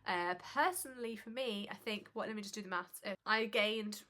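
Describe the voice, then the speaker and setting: A young woman with a bright, clear tone chats to camera in a relaxed vlog. She is a little breathless, and her talk is loose and conversational, full of fillers. Her pitch sits in an ordinary middle range. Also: normal speed. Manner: chatty, conversational with frequent fillers. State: slightly out of breath. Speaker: pregnancy vlogger. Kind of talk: casual informative vlog.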